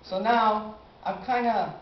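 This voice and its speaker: An eighteen-year-old man telling a personal story on stage, animated and acting out his own reactions. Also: high-pitched, slow pace. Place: live stage in a small cafe venue. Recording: roomy, dull amateur live recording.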